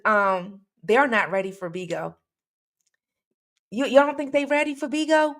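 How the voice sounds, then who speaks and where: A woman hosts a casual livestream and talks straight to her viewers. Her speech is chatty and rambling, with lots of fillers and restarts, and she reads comments out loud as she goes. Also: fairly high pitch. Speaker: true crime livestream host.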